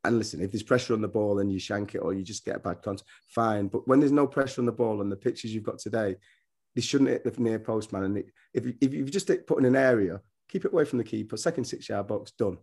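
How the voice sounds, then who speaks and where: A middle-aged man with a fairly low voice talks as a guest about his football career. He rambles from story to story, often restarting his sentences as he goes. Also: quick pace, a little mellow, breathy edge. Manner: rambling anecdotes with many restarts. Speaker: former footballer and coach, guest. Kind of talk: casual podcast interview.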